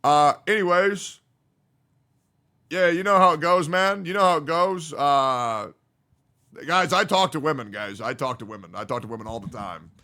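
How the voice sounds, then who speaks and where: A man streams live at normal speed, reacting to a video and reading viewer comments aloud. It's casual reaction chat, joking and profane, swinging between loud hype and low mumbling.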